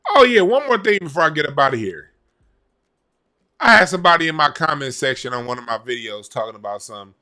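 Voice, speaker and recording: Man, blunt profane vlog commentary, lively pitch, fairly high voice. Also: fairly quick. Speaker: YouTube commentator.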